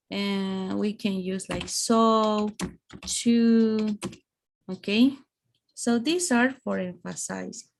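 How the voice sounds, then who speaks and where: Female English teacher, slow gravelly delivery, online class. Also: mid-range voice, slight background noise. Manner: slow, explaining with examples. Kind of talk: online grammar lesson.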